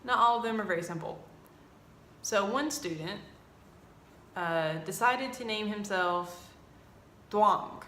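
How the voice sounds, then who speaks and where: A woman's voice: mid-range voice, slow pace, pauses often, echoey room, slight background noise. A young woman in her twenties, an English teacher telling classroom stories in a casual vlog, acting out her students' lines. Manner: animated, acts out students' lines in quoted voices.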